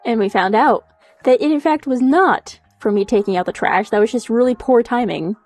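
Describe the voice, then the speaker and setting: A young woman streaming from home in casual chat, animated, swearing a lot and laughing often as she reacts to chat. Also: fairly high pitch, moderate pace, faint music behind. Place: home room.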